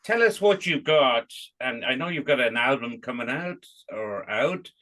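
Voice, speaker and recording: A man's voice: mid-range voice, expressive, moderate pace, pushed and bright. A man hosting an interview podcast, chatting casually with his guest and reminiscing. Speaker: podcast host.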